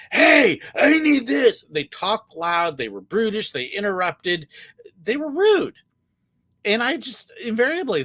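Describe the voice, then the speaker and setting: A middle-aged man with a high, fairly bright voice hosts a casual livestream, fielding viewer questions in a candid, chatty way full of filler words. The recording is dry.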